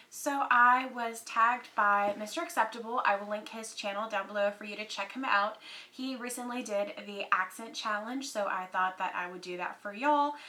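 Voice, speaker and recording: A woman's voice: medium pitch, pushed and bright, low-quality recording. A young woman from Texas with a Texan accent, chatting casually to her viewers with lots of ums and y'alls. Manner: chatty, many fillers, says y'all. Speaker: beauty YouTuber. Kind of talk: casual chat to camera.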